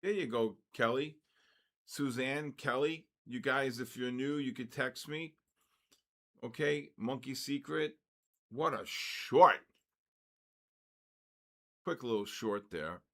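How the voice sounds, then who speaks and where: A man's voice: medium pitch, slow pace, long pauses, fairly bright tone. A man in his sixties hosting a live trading session, chatting with viewers by name and explaining his method in a loose, conversational way. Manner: chatty, talks to chat viewers by name, repeats "okay" and "so basically"; plainly exasperated by rude comments, rising and complaining. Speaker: trading livestream host.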